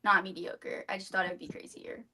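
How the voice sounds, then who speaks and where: A woman's voice: mid-range voice, little pitch movement, a little fast, gravelly, bright, forceful tone. A woman on a podcast panel, talking casually and emphatically. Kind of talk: casual recap chat.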